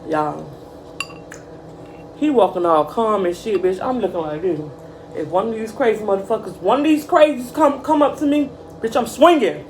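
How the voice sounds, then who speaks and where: A young woman vlogger telling a casual storytime, animated and profane, calling her viewers y'all. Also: mid-range voice, normal speed, a little hiss or hum, poor audio.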